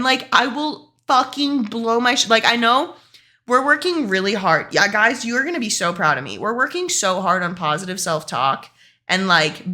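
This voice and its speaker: A young woman streamer vents to her chat in a loose, profane rant. Her voice swoops lively up and down and has a bright, sharp edge. She hits her words hard and keeps the talk casual. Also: medium pitch. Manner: profane, animated, fast and emphatic.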